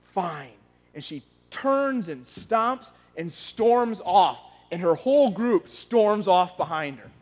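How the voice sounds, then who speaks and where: A man telling a story from the pulpit, his voice high for a man and relaxed, often stumbling and restarting mid-phrase. The sound carries a long reverb, as if the sermon fills a large hall. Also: slow pace, hardly any pauses. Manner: conversational, frequent restarts and repeated words. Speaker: pastor.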